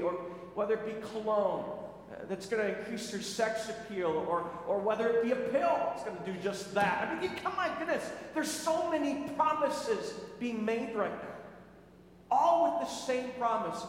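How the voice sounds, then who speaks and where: A male preacher with a high voice tells a story to his congregation, conversational and full of restarts. His words ring through a large hall with heavy echo and long reverb. Faint noise sits under it all. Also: lively intonation, moderate pace. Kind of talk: sermon.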